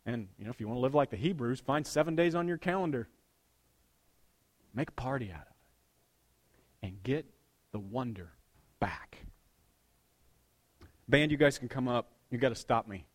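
A man preaching a sermon as a pastor, swinging between hushed, intimate lines and loud, excited bursts. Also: mid-range voice, normal speed, pauses often.

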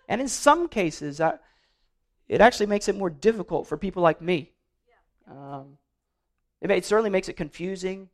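A pastor with a notably high voice preaches to his congregation. He talks earnestly but loosely, trips over and repeats words as he goes, and slips in playful humor. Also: lively intonation, moderate pace, pauses often, fairly bright tone. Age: adult, married. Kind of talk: sermon.

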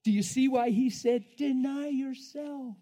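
A man preaching a sermon in an animated way, laughing often and swinging between loud, drawn-out lines and hushed ones. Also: extremely high pitch.

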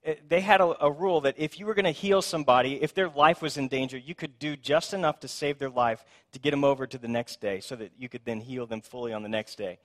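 A man preaching a sermon, telling the scripture story in a conversational, animated way and acting out the people in it. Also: mid-range voice, fast talker, few pauses. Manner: conversational, asks "right?".

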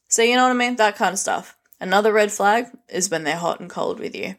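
A woman's voice: mid-range voice, a little fast, hardly any pauses. Blunt woman ranting. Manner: blunt and frank, swears freely. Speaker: vlogger. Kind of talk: casual rant to camera.

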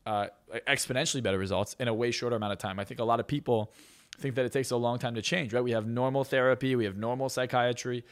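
A man's voice: mid-range voice, fairly even intonation, fast. A man who is a hypnotist and success coach, telling stories in a podcast interview with a boastful, self-assured manner.

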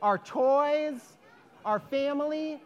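A woman telling a folk tale to children, animated and inviting them to join in. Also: sits high, slow, muffled recording, some chatter behind. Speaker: storyteller leading children. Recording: echoey hall.

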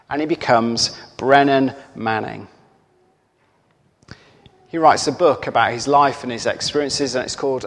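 Slow-speaking preacher in a hall. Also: male voice, medium pitch. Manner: storytelling, slow and earnest, drops to near-whispers. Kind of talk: sermon. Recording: long hall reverb.

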